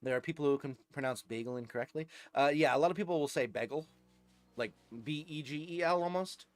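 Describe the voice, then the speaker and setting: A man's voice: a little high, quick pace, no echo. A man in his twenties with a New Jersey accent, chatting casually on a live game stream, rambling and chuckling, with lots of fillers and restarts. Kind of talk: casual live-stream chat while gaming.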